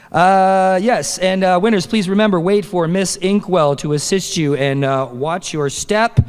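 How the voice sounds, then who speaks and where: A man's voice: high voice, a little slow, smooth. A man with a Canadian accent emceeing a live awards ceremony on a convention stage, upbeat and joking as he reads out nominees. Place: large convention hall stage. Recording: long hall reverb.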